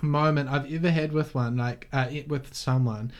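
A man's voice: mid-range voice, fairly even intonation, moderate pace. A young man hosting a podcast, telling a personal story in a chatty, emotional way full of fillers. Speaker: podcast host. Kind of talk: casual podcast conversation.

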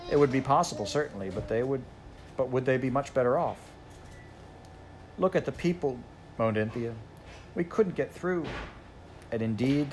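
A man narrates a classic children's storybook in a measured, unhurried way. His voice sits at an ordinary middle pitch, and a faint hiss lies under the reading. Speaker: audiobook reader.

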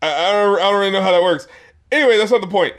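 Talking fast in a high voice with a fairly bright tone, this man chats casually, rambling, mocking and laughing a lot. His speech is profane and packed with "like" fillers.

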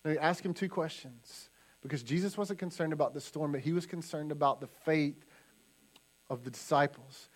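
A male pastor delivering a sermon from a church stage. His voice sits fairly high, and he preaches with emphasis, repeating key lines so they land. He brings the scripture to life by acting out the quotes. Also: moderate pace.

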